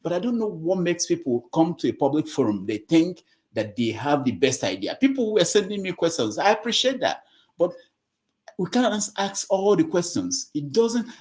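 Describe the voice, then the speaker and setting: Guy hosting a call-in show, pitch jumps all over, lecturing and fed up. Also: very animated, normal speed, darkish tone. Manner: exasperated, scolding, moralizing. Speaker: host of an online call-in forum.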